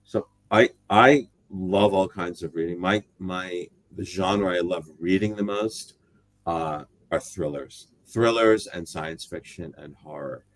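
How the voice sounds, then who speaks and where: A middle-aged American man appears as a guest in a casual interview, speaking in a rambling, thoughtful way and often correcting himself. His voice is low-pitched and slow, with no room sound.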